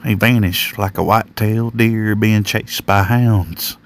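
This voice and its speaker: A man's voice: on the low side, fairly even intonation, unhurried, slight background noise. A man telling a first-person horror story in a folksy, plain-spoken rural manner. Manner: folksy, rural drawl with slang.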